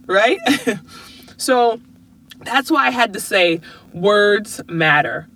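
Mom talking earnestly to viewers about motivating kids, bright clear voice, asks questions back at you. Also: female voice, medium pitch, lively intonation, slow. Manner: earnest, uses rhetorical questions. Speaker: parent giving advice.

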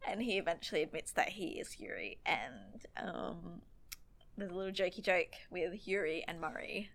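A woman co-hosting a casual recap podcast, chatty and quick to laugh. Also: on the low side, gravelly, a bit bright. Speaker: podcast co-host.

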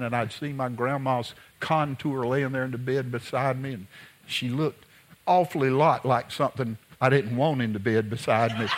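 A man preaches in a folksy, conversational way, weaving scripture into stories from his childhood. His voice sits in an ordinary middle pitch, and he sometimes drops to a hush while telling a tale. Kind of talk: sermon with personal storytelling.

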